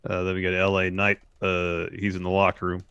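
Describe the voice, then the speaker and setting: A man co-hosting a wrestling podcast, giving a steady, casual play-by-play summary from his notes. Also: sits low, a little fast, clear, resonant tone, no echo, lo-fi sound. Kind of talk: casual chat recapping a wrestling show.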